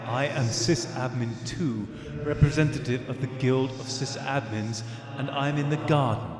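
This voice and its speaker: A man voicing a calm, cold seven-foot blue hovering being who speaks in slow, flat commands. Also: medium pitch, lightly acted. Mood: coldly calm. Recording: echoey long reverb with noise.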